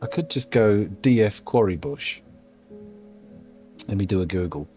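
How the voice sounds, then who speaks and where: A man's voice: lowish voice, lively intonation, a little slow, warm tone, faint music behind. A man giving casual live-stream commentary while playing a game, rambling, musing aloud and making self-deprecating asides.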